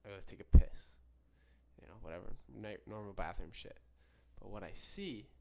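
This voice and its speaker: Young male podcast host, lowish voice, casual and rambling, swears constantly, keeps restarting sentences. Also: lively intonation, unhurried, pauses often, warm tone. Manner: rambling, profane, frequent self-corrections. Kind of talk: casual solo podcast storytelling.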